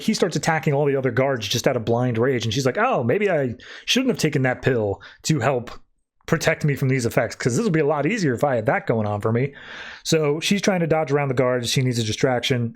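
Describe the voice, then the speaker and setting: A man at an ordinary middle pitch retells a comic book story on a podcast. His talk is casual and full of fillers. Now and then he jumps into short put-on voices for the characters he quotes. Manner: filler-heavy, lots of "like" and "uh". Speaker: podcast co-host.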